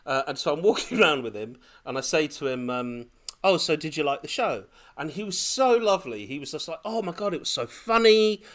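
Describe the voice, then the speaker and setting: A man on a podcast telling a lively personal story in casual chat, laughing often as he goes. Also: on the high side, a little fast. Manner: animated, laughing, breathless when excited. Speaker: podcast co-host.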